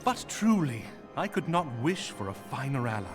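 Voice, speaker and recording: A man acting out a stately, gracious nobleman from a fantasy video game, his courtly, old-fashioned phrasing swooping widely up and down in pitch. He sounds formal and warm-mannered. Soft game music plays faintly behind him. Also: sing-song, moderate pace, lightly acted. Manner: formal, archaic courtly speech.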